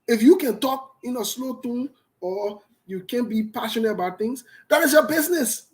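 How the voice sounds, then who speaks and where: A man as a radio host with a fairly high voice. He talks defiantly and passionately, driving his points home by repeating them, in the style of opinionated radio commentary. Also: animated, normal speed, poor audio. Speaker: radio talk show host.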